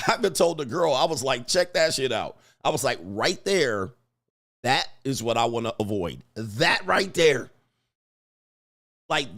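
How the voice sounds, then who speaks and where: Middle-aged man, livestream host, slangy storytelling, laughs often, mid-pitched voice. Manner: animated, laughing, slangy, reads chat aloud.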